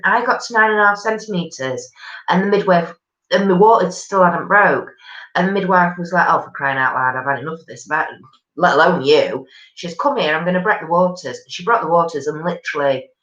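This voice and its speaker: A woman's voice: medium pitch, fairly bright tone. A woman, hosting a live stream in a chatty, gossipy way, reading out viewer comments and answering them with plenty of ums. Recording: echoey room, dull lo-fi sound.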